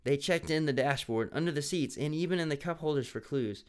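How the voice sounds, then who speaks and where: Playful male story reader with a fairly high, smooth voice. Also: a little fast. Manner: playful, laughing at the text. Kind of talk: reading a story aloud with joking asides.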